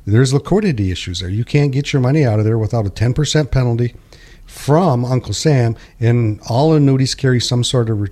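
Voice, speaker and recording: A man with a mellow, warm voice talks through money matters like a seasoned financial advisor. His delivery is plain-spoken and steady, explaining step by step at a middling pitch. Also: fairly quick. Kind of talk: conversational financial radio talk.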